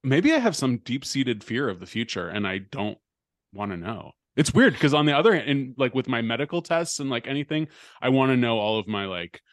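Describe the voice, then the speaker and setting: A man chats on his podcast with a dry, close sound, asking curious questions and throwing in wry jokes. His voice sits at an everyday male pitch. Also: big pitch swings, brisk, dry recording. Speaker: podcast co-host. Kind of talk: casual chat.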